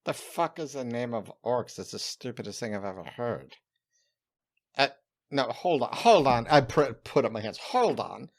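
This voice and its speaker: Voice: mid-range voice, expressive, normal speed. A player in a casual tabletop game, ranting and swearing while playing a goblin. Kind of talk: casual tabletop role-play.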